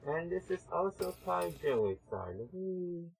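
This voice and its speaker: A man streaming a game, chatting casually with viewers, excitable with sudden yelps, his voice slightly muffled by a mask. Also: high-pitched, measured pace, creaky, soft background music. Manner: excitable, greets chat viewers by name, bursts of yelps. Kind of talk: casual live-stream chat while gaming.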